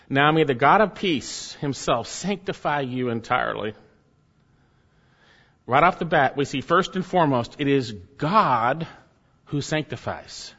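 A man's voice: on the high side, fairly bright tone, long reverb tail, dull audio. A man preaching a sermon emphatically, swelling up and then dropping to near murmurs. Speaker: pastor.

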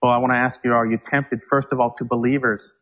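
A male preacher giving a Bible teaching sermon, reading scripture slowly and with emphasis. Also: medium pitch, level tone, phone-quality sound. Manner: slow, emphatic verse reading.

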